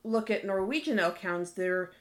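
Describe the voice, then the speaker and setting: A woman's voice: mid-range voice, normal speed. An American woman co-hosting a podcast, explaining things knowledgeably in casual chat with a few restarts. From United States. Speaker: podcast co-host.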